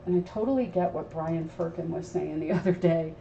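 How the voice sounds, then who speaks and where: Recorded from a distance, this woman has a low, slightly fast, creaky voice with a warm tone. She's a craft show host running a live tutorial, chatting and explaining to her viewers as she works at her craft table. The off-mic sound is dull, with faint noise.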